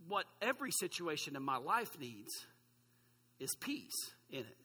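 A man's voice: high-pitched, animated, normal speed, bright, forceful tone, slightly rough, long reverb tail. A man in his forties preaching a sermon as pastor, in a conversational, self-deprecating way with asides to the congregation.

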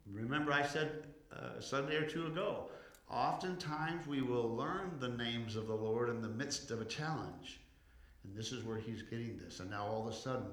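A male pastor preaching a sermon, rising in intensity, slowing down to stress words and calling on the congregation to respond. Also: mid-range voice, a bit bright, reverberant. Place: church.

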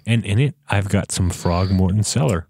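A man's voice: on the low side, moderate pace, darkish tone, slightly rough, no room sound. A man from Canada hosting a podcast, chatting casually and rambling off into tangents. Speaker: podcast host. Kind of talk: casual chat.

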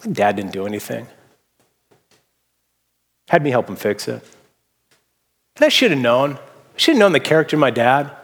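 A man from the Seattle area, a pastor giving a casual, story-filled sermon with relaxed fillers. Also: mid-range voice, moderate pace, pauses often, husky, in a large hall. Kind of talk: conversational sermon.

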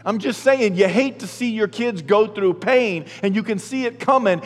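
A male pastor preaching a sermon in a folksy, animated storytelling way. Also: high voice, moderate pace, few pauses. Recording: long hall reverb.

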